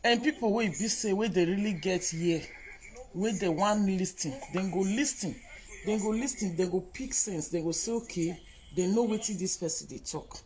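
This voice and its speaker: A Nigerian-accented speaker scolds commenters in a repetitive lecture, hammering the same phrases again and again. The pitch sits in a middle range. A faint hiss runs under the voice. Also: normal speed, darkish tone, low-quality recording. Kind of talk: scolding monologue to online commenters.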